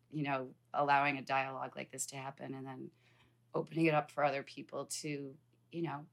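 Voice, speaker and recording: A woman speaking as a podcast guest in a very low, gravelly voice. She talks candidly and bluntly, with animated emphasis. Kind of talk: casual podcast conversation.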